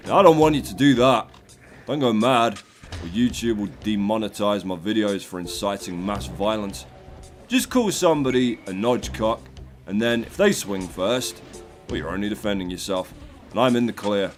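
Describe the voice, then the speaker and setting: English man, low voice, sweary comic rant, faint music behind. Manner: sardonic, profane, rambling rant. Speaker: gaming video host. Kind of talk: comic commentary over gameplay.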